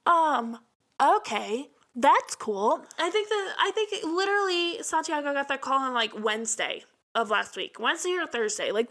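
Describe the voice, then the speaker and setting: A woman's voice: on the high side, bright, forceful tone. A young woman in her twenties hosting a personal podcast, talking candidly and emotionally in a chatty way with lots of fillers. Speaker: podcast host. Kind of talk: casual personal podcast monologue.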